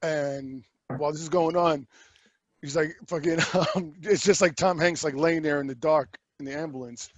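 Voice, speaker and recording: A man co-hosting a movie podcast in casual chat, animated, acting out scenes in voices and swearing casually. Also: a little high, normal speed, no room sound, muffled recording. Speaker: podcast host.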